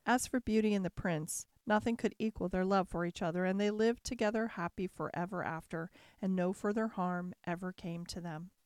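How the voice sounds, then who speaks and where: A woman narrating a classic fairy tale as a calm, measured bedtime story. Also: fairly low pitch, dry recording, studio quality.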